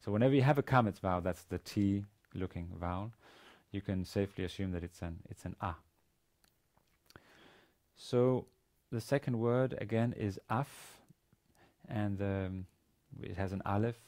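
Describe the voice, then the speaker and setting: A man lecturing on a language lesson, speaking haltingly with many fillers and restarts. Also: lowish voice, darkish tone. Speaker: university lecturer.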